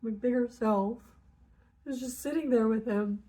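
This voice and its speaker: A woman with a slightly high voice talks through spiritual matters in a loose, unscripted way. She is frank and swears freely, slipping into quoted back-and-forth as she goes. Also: unhurried, dark tone. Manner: candid, swears freely, acts out inner dialogue. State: tearful at moments. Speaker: spiritual channel host. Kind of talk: casual spiritual monologue.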